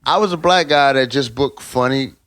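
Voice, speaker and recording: A man's voice: mid-range voice, moderate pace, fairly bright tone, dry recording. A middle-aged man, a guest comedian, talking in casual podcast chat in an emphatic, profane way.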